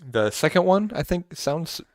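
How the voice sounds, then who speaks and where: A man's voice: on the high side, big pitch swings, measured pace, no echo, clean studio sound. A man co-hosting a casual podcast, easygoing, laughing often and dropping in short reactions. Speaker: podcast co-host. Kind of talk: casual chat.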